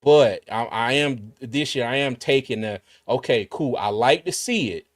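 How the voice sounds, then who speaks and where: Guy rambling on a home stream, dry close mic, middle pitch. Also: expressive, measured pace, no room sound. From Carolinas, US. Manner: chatty, reads viewer comments aloud, frequent restarts. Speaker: livestream host. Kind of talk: casual livestream chat.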